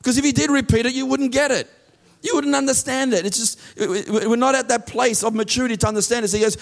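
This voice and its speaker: High-voiced guy preaching a sermon, earnest, keeps repeating himself, gets loud and urgent sometimes. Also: fairly even intonation, vocal fry. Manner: earnest, repeats words, restarts phrases, reads verses slowly. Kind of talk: sermon teaching from scripture.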